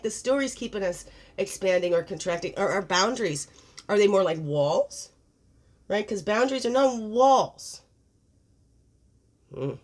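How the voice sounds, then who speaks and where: Woman, spiritual guidance host, casual card reading, reflective, questioning, encouraging. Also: medium pitch. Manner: reflective, asks many questions, warm encouragement.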